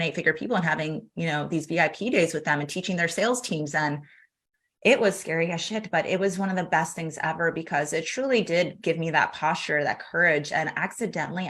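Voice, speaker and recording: A woman guest on an interview show, telling her story in a lively, chatty way and acting out the other people's lines as she goes. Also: low voice, a little fast. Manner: animated, acts out quoted dialogue, laughs often. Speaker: podcast guest.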